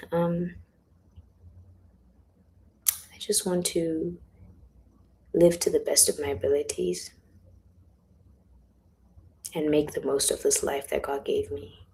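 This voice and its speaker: A young woman with a low voice talks into her phone on a livestream, slipping into whispers now and then. Her tone is gravelly with plenty of fry, and a faint hiss of room noise sits behind her. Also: rough recording. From South Africa. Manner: chatty, drops into hushed whispers. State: has a headache. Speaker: author on a livestream. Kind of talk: casual livestream chat. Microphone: phone or webcam livestream.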